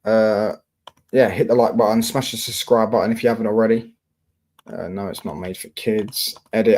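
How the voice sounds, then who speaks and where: A man's voice: on the low side, fairly even intonation, normal speed, mellow. A young man from London with a London accent, hosting a casual football livestream and answering his chat in slangy, swearing talk.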